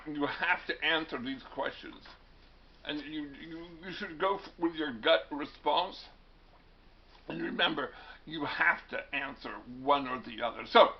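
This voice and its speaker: A man's voice: a little high, creaky, highs cut off, slight background noise. A male teacher giving a classroom lecture in a wry, digressive way, often stumbling and restarting words.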